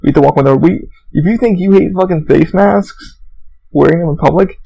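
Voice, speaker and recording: A man's voice: a little high, a little fast, gravelly, warm tone, rough recording. A young man hosting a solo podcast, rambling through stories with lots of swearing and fillers, acting out other people in raised voices. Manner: profane, rambling storytelling with many fillers. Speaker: podcast host.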